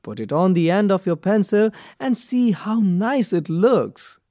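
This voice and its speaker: Woman narrating a kids' textbook, mellow, varied pitch. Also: very animated, dry recording, studio quality. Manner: careful, slow, instructional. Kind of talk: scripted children's textbook narration.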